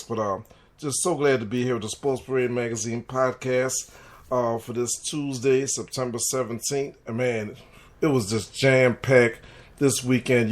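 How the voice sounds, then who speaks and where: A hoarse man with a New Orleans accent hosting a sports podcast in an excitable, hype style. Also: mid-range voice. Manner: excitable, hype, calls listeners baby. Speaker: podcast host. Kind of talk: sports talk monologue.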